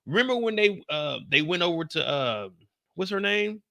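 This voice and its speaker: A young man recapping a TV episode on a live stream, telling it in an animated, profane way and talking to his chat. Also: high-pitched, moderate pace.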